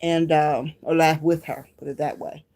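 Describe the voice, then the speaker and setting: A woman's voice: sits low, steady tone, normal speed, mellow. A woman from Detroit chatting casually to her viewers, reminiscing and talking straight to them. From Detroit, Michigan. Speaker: vlogger.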